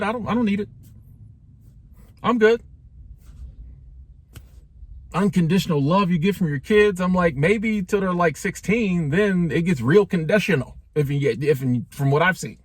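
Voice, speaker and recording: Guy in his 40s joking around in slang, kinda high voice, dry close sound. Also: breathy edge, no echo. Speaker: vlogger. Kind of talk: casual talking-head monologue.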